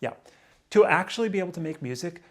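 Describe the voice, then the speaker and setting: A man in his late thirties ranting to camera in a raw, emotional vlog, angry and swearing, stumbling over restarts and swinging between loud outbursts and low muttering. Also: lively intonation, quick pace. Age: 30s. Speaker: vlogger.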